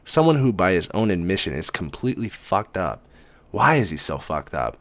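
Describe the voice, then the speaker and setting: Deep-voiced sarcastic man reading aloud. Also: sing-song, moderate pace, dry recording. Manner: sarcastic, profane. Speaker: reader. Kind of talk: dramatic book reading with sarcastic asides.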